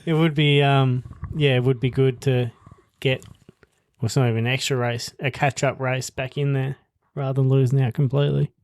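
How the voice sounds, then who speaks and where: A man with a mid-pitched voice co-hosts a podcast in easy, casual chat. He talks in a relaxed, slightly hesitant way and laughs easily. The sound is dry and close to the mic. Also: moderate pace, dry recording. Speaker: podcast co-host.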